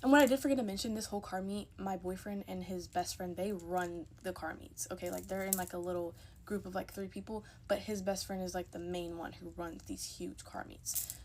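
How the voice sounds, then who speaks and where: A woman's voice: fairly low pitch, fairly even intonation, fairly quick, a little mellow, a little hiss or hum. Chatty young woman telling a storytime. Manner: chatty, emphatic, quotes people in her story. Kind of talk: casual storytime monologue.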